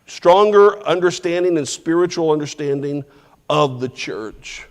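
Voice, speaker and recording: A man with a somewhat high voice leads a Bible class, walking through verses in a chatty, informal way and quizzing his listeners. His words ring out with a long reverb, as in a big church hall. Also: lively intonation, normal speed. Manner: informal, restarts phrases, asks the class questions and chuckles. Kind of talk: conversational verse-by-verse Bible teaching.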